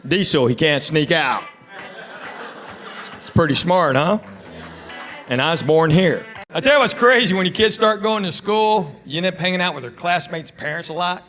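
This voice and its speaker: A male stand-up comedian telling stories in a deadpan way, acting out both sides of the back-and-forth dialogues. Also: on the high side, normal speed, soft background music. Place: comedy club stage. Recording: loud audience laughter.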